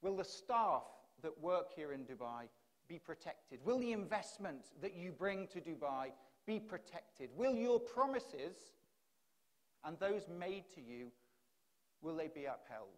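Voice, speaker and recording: A man's voice: fairly high pitch, sing-song, a little slow. Man giving a rhetorical keynote speech. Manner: rhetorical, repeated questions. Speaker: conference speaker. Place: conference hall.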